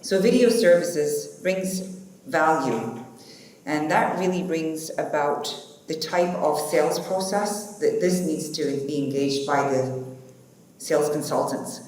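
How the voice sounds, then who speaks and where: Slow and low with a slightly mellow tone, a woman moderates a conference panel, casual and chatty with plenty of fillers, in an echoey hall where faint noise is audible.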